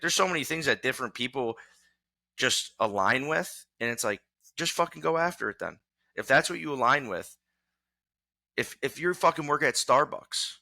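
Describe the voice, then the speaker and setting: A young man, a guest athlete on a podcast, swears freely and speaks with emphatic, fired-up conviction. His voice is sharp and tense, recorded dry and close with no room sound. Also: medium pitch, vocal fry, no room sound. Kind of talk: casual podcast chat.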